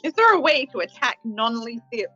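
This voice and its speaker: A woman's voice: on the high side, very animated, brisk, sharp tone, breathy edge, highs cut off, faint music behind. A woman playing a tabletop game, self-deprecating and exasperated about her rolls. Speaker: player. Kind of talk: casual chat at a game table.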